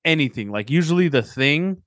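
A man's voice: fairly high pitch, expressive, moderate pace, a bit bright, dry recording. A man in his thirties co-hosting a podcast, chatting casually and telling joking stories where he acts out what other people said. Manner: storytelling, joking, acts out quotes. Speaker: podcast co-host. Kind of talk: casual chat.

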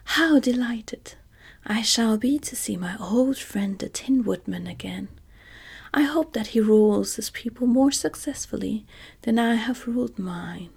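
A woman's voice: mid-range voice, unhurried, vocal fry, mellow, slightly rough, heavily acted. A woman voicing a cheerful, earnest male scarecrow in a whispered role-play, speaking breathily. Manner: earnest, eager.

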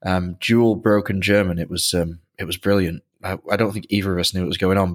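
A man co-hosting a podcast, chatty and self-deprecating, laughing easily and reading interview answers aloud. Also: fairly low pitch. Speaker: podcast co-host.

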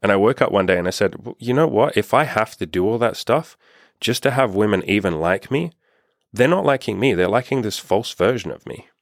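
A young man with a low voice delivers a blunt, impassioned talk on dating, swearing often. The sound is close and dry, with no room around it. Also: animated, fairly quick, vocal fry, no room sound. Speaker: dating coach. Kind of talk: casual vlog monologue.

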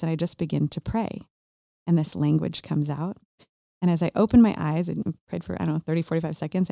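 A woman in her forties tells a personal story at a rapid clip, her voice low and warm. She gets animated, slipping into little acted-out asides of what she thought at the time. The sound is close and dry, with no room around it. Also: gravelly, no room sound. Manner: animated, acts out her own past thoughts in quick asides. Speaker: guest sharing a faith testimony. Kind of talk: casual conversational storytelling.

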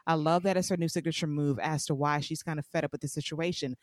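A woman talks through a TV recap in a blunt, animated way, with a voice that sits on the low side. The sound is dry and close, with no room around it. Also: quick pace, dry recording. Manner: animated, blunt, acts out quoted lines. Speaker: podcast co-host. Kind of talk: casual recap of a TV show.

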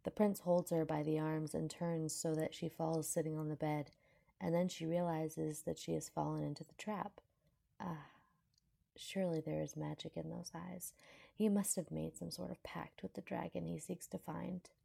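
A woman narrating a fanfiction aloud in a calm, measured storytelling manner. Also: sits low, creaky. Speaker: fanfiction reader.

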